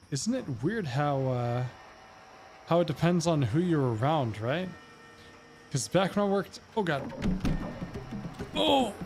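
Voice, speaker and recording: A man's voice: fairly high pitch, slight background noise. A man from North Carolina with a slight Southern accent, chatting casually with viewers while narrating his gameplay on a livestream. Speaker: gaming streamer.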